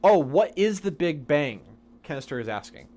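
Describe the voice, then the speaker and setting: A man's voice: a little high, very animated, moderate pace, a little mellow. A young man live-streaming a game, casually and patiently explaining science questions from chat.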